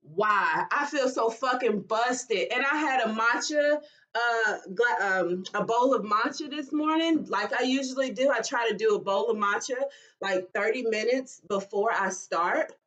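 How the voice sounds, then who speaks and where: Woman, forties, personal vlog, halting, emotional, slightly distant mic. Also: fairly high pitch, fairly bright tone, highs cut off. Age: 40s. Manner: tired, halting and emotional, with sighs and restarts. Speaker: vlogger.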